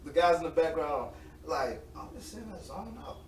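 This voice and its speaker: A man in his late twenties, an interview guest, telling animated, slangy stories and laughing often. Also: a little high, a little fast. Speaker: interview guest, semi-pro football player. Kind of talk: casual storytelling. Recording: roomy, distant mic with faint noise.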